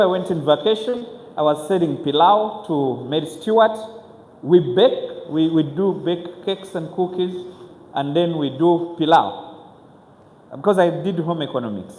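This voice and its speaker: A man, telling his own story to an audience as a motivational speaker, earnest and halting, with frequent restarts. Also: a little high, darkish tone, a little hiss or hum. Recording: echoey hall with faint ambience.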